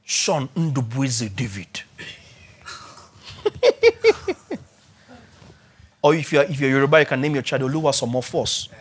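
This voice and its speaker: A man preaching a sermon, repeating key words for emphasis and spelling out terms slowly. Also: medium pitch, slight background noise.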